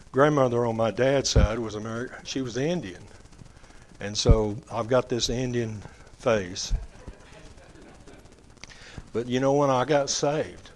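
A man giving a testimony sermon, telling his story in a folksy way with drawn-out emphasis. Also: medium pitch. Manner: quotes others in acted voices. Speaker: lay preacher giving testimony.

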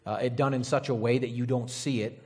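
A man's voice: mid-range voice, steady tone, fairly quick, darkish tone. Male preacher, conversational sermon delivery, rambling, keeps asking the room "right?". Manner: casual, rambling, frequent "right?" and "you know".

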